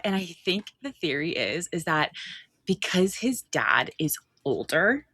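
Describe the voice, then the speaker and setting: A woman in her thirties with a lowish voice, trading stories on a podcast in a chatty, animated, slangy way. The sound is dry and close, with no room around it. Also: measured pace, no room sound. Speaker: podcast co-host. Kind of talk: casual chat.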